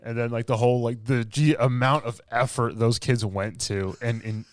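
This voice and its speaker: A man co-hosting a podcast, chatting casually about movies with a relaxed delivery, quoting lines and laughing often. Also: mid-range voice, moderate pace, no room sound. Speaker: podcast co-host.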